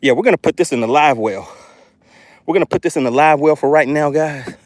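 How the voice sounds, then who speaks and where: A man hosting a live fishing stream from his boat, excitable, out of breath and constantly calling out to viewers. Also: on the high side, fairly quick, no room sound, studio quality. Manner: excitable, keeps exclaiming and addressing viewers as guys. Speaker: fishing channel host.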